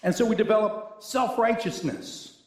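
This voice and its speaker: An older man preaching a sermon as pastor, talking in a conversational, wry and sometimes sarcastic way. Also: moderate pace. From American South. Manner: conversational, wry and sarcastic, with animated swings of pitch. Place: church sanctuary. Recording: echoey church sanctuary.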